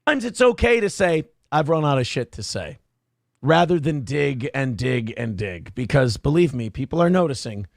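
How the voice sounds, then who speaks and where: A man's voice: mid-range voice, big pitch swings, moderate pace, gravelly, dry recording, clean studio sound. A man hosting a talk radio show, mocking and lecturing in banter. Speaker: radio show host in a played clip.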